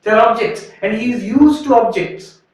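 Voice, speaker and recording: A man giving an animated spiritual lecture, telling a story and acting out its voices. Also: very high-pitched, moderate pace. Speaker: monk giving a retreat talk. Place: retreat hall. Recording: echoey room, from a distance.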